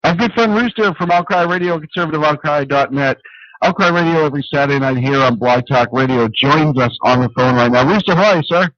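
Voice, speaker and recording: A man's voice: fairly high pitch, fast, a bit bright, no room sound. A man hosting a casual call-in radio show, joking with his co-host and a caller. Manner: joking, laughs often. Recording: dull dry lo-fi stream audio.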